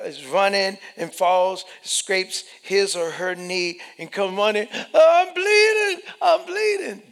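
A man preaching a sermon, swinging from hushed whispers to loud, shouted passages. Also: high voice, in a large hall. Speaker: pastor.

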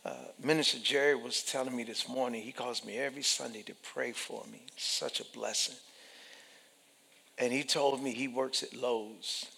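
A man preaching a sermon, swinging from hushed whispers to loud, shouted passages. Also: medium pitch, fairly even intonation, normal speed, creaky, breathy edge, long reverb tail. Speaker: pastor.

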